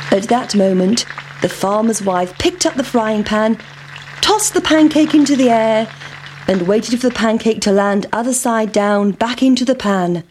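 A woman reading a children's story aloud in a slow, clear storybook delivery. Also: mid-range voice, a little mellow, slight background noise.

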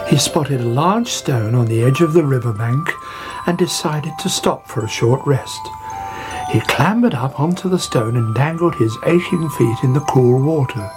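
A storyteller reading a children's story aloud in a playful, expressive way, with music behind. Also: mid-range voice, normal speed. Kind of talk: storybook narration.

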